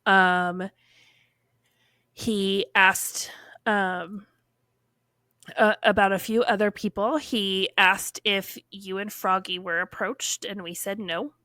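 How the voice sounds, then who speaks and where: A woman recounts a personal story in casual, animated podcast talk. Her voice is bright and forceful, and she slips into quoted dialogue among frequent fillers. The recording is dry and close. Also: mid-range voice, slow pace, pauses often, no room sound.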